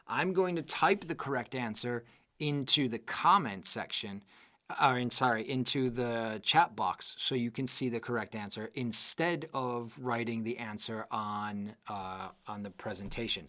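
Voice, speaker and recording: A man's voice: medium pitch, animated, a little slow, fairly bright tone. A man teaching a live online English exam class, explaining patiently and often checking in with "okay?" and "right?".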